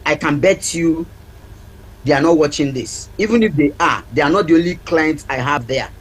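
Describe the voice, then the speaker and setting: A man's voice: on the high side, normal speed, husky, poor audio. A man, a parenting counselor and guest on a TV talk show, speaking earnestly and repeating his key points for emphasis. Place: TV studio.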